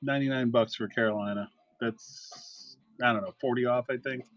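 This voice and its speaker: Give me a middle-aged man chatting loosely on a live stream, mid-pitched, with a dry close sound. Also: fairly even intonation, normal speed, fairly bright tone, no room sound, soft background music. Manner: rambling, chatty storyteller with fillers. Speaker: live card break host. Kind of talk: casual live-stream chat.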